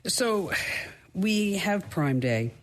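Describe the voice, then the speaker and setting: A woman's voice: mid-range voice, sing-song, drawn-out words. A woman hosting a podcast interview who talks in a chatty way, with storytelling asides. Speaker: podcast host.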